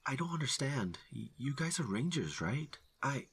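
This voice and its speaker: A man's voice: medium pitch, very animated, normal speed, gravelly, a bit bright, a little hiss or hum, pitched above the performer's own voice. A man voicing an anxious, lost male hiker who stutters and pleads nervously. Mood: frightened pleading.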